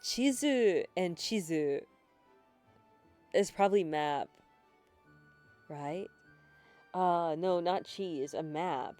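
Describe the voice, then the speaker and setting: A woman's voice: fairly low pitch, very slow, long pauses, a little mellow, soft background music. A young woman streaming a game, chatting casually in a rambling, giggly, self-deprecating way, swearing and apologizing, on a handheld mic at home. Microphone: handheld mic, no desk.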